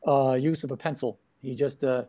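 A man's voice: medium pitch, fairly even intonation, moderate pace, warm tone. A man on a cartoonists' panel, speaking hesitantly with many fillers. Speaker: guest cartoonist. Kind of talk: casual panel chat.

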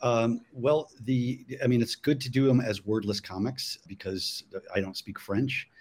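A man's voice: medium pitch, fairly even intonation, unhurried, a little mellow, husky. A man, a cartoonist guest, talking reflectively in an interview. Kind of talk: casual interview chat.

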